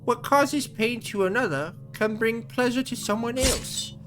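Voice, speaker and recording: A man's voice: very high voice, a little slow, music in the background, voice pushed up. A man doing a purring sadistic torturer. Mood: gloating sadistic. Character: sadistic male torturer, cruel and gloating.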